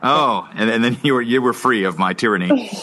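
A man's voice: mid-range voice, animated, a little fast, sharp tone, slight background noise. A man chatting and joking with friends during a video game, with some hesitant filler. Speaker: gamer. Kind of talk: casual let's-play banter.

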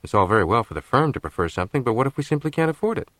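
A man's voice: medium pitch, big pitch swings, very fast, fairly bright tone, dry recording, studio quality, pitched above the performer's own voice. A man voicing a young wife and new mother who asks practical, questioning things. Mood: doubtful.

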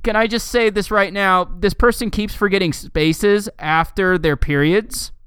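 A man's voice: high voice, fairly even intonation, unhurried, a bit bright, clear, resonant tone, no echo, studio quality. A man co-hosting a casual podcast, reading fan writing aloud with sarcastic, profane commentary. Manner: sarcastic, swears often, laughs at the text.

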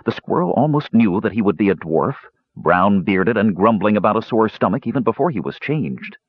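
A man narrates a fantasy story in a low, husky voice that moves up and down a lot. The recording is dull and dry, with no room sound. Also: no echo. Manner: measured storytelling, lively pitch. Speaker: audiobook narrator.

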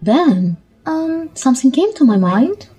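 A woman's voice: sits high, sing-song, measured pace, mellow, slightly rough. A woman co-hosting a podcast, reading a scripted dialogue in a teasing, playful way. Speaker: podcast co-host.

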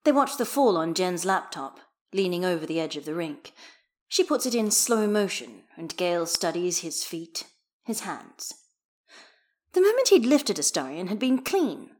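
Woman reading a story with a lively voice. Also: fairly low pitch, moderate pace. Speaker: audiobook reader. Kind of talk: reading fan fiction aloud.

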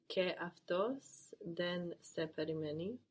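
Slow, low-voiced woman learning a language. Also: breathy edge. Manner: slow, hesitant answers with pauses. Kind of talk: answering in a guided language lesson.

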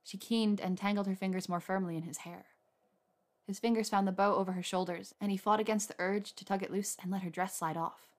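A woman narrating a romance story aloud in a soft, unhurried reading voice. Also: mid-range voice, steady tone. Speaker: audiobook narrator.

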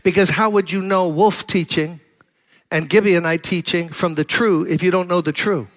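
Bright-voiced New preacher. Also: male voice, sits high, steady tone, moderate pace. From Brooklyn, New York. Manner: storytelling, conversational preaching that builds to emphatic exhortation. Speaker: pastor. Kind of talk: sermon.

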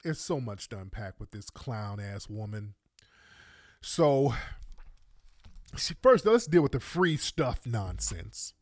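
A man's voice: mid-range voice, sing-song, takes it slowly, long pauses, dry recording. A man hosting a podcast, commenting on a played clip in an indignant, mocking way with repeated rhetorical questions. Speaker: podcast host.

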